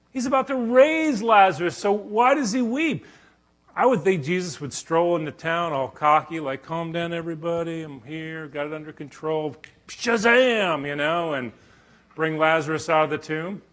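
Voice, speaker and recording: A middle-aged man, a professor, giving a Bible teaching talk at a church conference, acting out quotes with sudden loud bursts. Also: high-pitched, expressive, normal speed.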